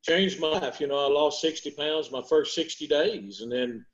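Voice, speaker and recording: A man's voice: a little high, moderate pace. Plain-spoken Arkansas man on a call. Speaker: guest. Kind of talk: casual testimonial. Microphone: video call. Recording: lo-fi video call audio.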